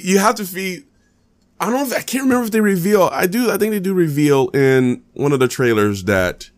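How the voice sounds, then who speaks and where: A man hosting a podcast in a loose, chatty review style. His voice sits a touch above the usual male range and swings a lot in pitch. He talks with animated energy and circles back with many restarts and repeated phrases. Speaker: podcast host. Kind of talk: casual movie review chat.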